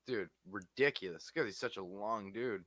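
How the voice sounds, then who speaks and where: A man co-hosting a casual podcast, talking fights in an excitable way, swearing freely and often adding "you know what I mean". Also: fairly low pitch, moderate pace. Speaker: podcast co-host. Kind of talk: casual fight-talk chat.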